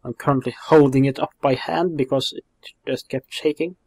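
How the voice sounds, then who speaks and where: A man's voice: medium pitch, steady tone, normal speed, a little mellow, dry recording. Man chatting casually over gameplay. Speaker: game video commentator. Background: faint game music.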